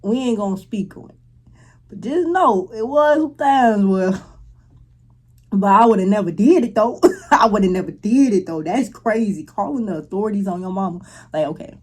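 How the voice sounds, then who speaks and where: A woman's voice: mid-range voice, expressive, normal speed, a little mellow, breathy edge. A woman reacting to clips in casual, slangy commentary, laughing and exclaiming. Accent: Chicago. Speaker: reaction streamer.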